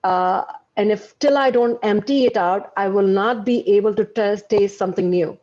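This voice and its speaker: A woman guest on a podcast interview, pausing to search for words. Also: mid-range voice, a little mellow, highs cut off.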